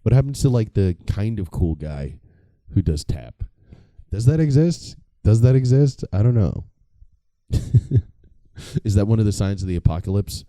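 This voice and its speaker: A man's voice: low-pitched, lively intonation, unhurried, long pauses, dark tone, no room sound. A young man doing a casual, profane comedic monologue, rambling and mocking himself. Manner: rambling, profane, self-mocking, laughs at own jokes. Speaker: comedy podcast host.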